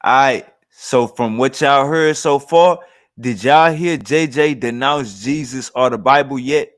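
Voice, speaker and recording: A man's voice: medium pitch, unhurried. Blunt, mocking male show host. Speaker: show host reacting to a clip. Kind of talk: casual commentary.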